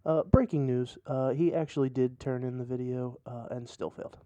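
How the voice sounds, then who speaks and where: Middle-aged male podcast co-host, relaxed storyteller, dry booth sound. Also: medium pitch, moderate pace, no echo. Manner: laid-back, fillers like uh, acts out quoted voices. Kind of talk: casual storytelling.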